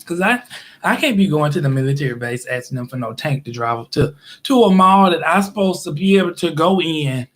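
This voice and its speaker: A man's voice: on the high side, animated, fairly quick, a bit bright. A man, telling rambling stories in a casual livestream and often laughing. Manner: chatty, rambling, laughs often, acts out quoted voices. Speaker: YouTube live streamer. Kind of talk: casual storytelling monologue.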